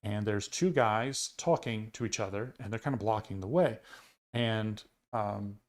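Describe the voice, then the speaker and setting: A man's voice: on the low side, measured pace. Rambling male podcast storyteller. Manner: rambling storyteller with many fillers. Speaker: podcast co-host. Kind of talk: casual chat.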